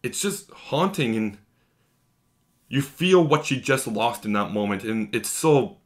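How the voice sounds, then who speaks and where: A man's voice: medium pitch, expressive, measured pace. A man giving an enthusiastic, gushing episode recap as a video reviewer, talking in long run-on strings.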